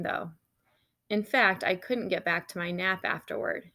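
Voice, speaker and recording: Woman, children's book read-aloud, expressive storyteller voice, casual with the kids. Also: fairly low pitch, vocal fry.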